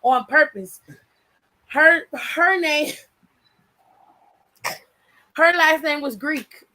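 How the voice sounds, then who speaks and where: Woman, casual chat, bright high voice, teasing remarks. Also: rough recording. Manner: laughs often, quick teasing remarks.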